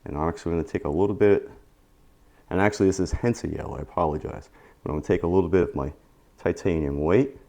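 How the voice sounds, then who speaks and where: Tired from a long day, this painting instructor runs through a casual oil painting lesson, speaking fast in a low voice. His asides are laid-back, repetitive, and encouraging, and the audio has its highs cut off.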